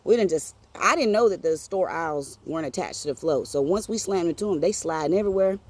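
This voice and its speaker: A woman telling a personal story on her podcast in an animated, profane, streetwise way. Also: lowish voice, fast. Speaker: podcast host.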